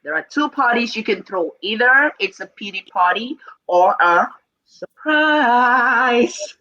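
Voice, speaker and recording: A woman's voice: on the high side, animated, takes it slowly, bright, forceful tone. Woman hosting an interview, stammers and repeats herself, laughs a lot, kinda muffled lo-fi audio. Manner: hesitant, repeats words, laughs often. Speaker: host.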